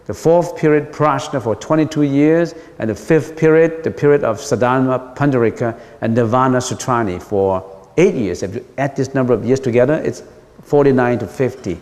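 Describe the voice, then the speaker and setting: A man's voice: medium pitch, moderate pace, a little mellow. A man, a Buddhist monk, giving a dharma lecture in a patient way, repeating key points with frequent ums. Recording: long hall reverb.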